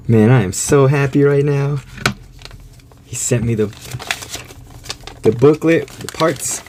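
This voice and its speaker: A man in a casual unboxing vlog who can barely contain his excitement, laughing between his words and stammering as he goes. He talks at an unhurried pace in a mid-pitched voice. A faint background hiss sits under the recording. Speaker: vlogger.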